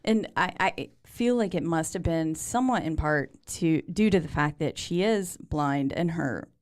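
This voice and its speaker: A woman's voice: low-pitched, unhurried. A woman co-hosting a horror movie podcast, chatting casually and joking playfully. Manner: animated, playful, laughs easily, jokes. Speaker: podcast co-host. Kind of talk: casual chat about a horror film.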